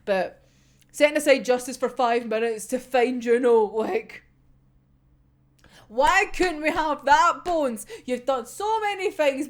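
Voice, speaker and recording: Woman, Scottish accent, a bit high-pitched, animated, swears a lot, laughs often, casual recap. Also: takes it slowly. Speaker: anime reviewer. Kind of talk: casual episode discussion.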